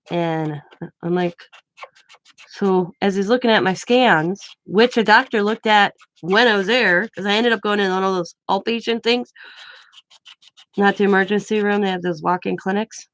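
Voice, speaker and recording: A chatty woman in her forties tells a story to her viewers and acts out every line of dialogue. Her voice sits at an ordinary pitch, and the room sounds dry, with almost no echo. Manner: chatty, animated retelling with quoted dialogue. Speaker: craft vlogger. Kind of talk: casual storytelling.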